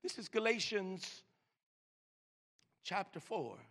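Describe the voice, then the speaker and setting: An older man preaching a sermon, stammering and repeating words, swinging from loud emphasis to hushed slow lines. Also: high voice, animated. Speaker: pastor.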